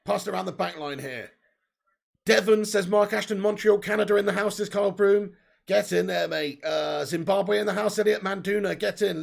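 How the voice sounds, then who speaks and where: Gravelly, excitable football watch-along host. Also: male voice, sits high. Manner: excitable, casual, swears, reads out viewer messages.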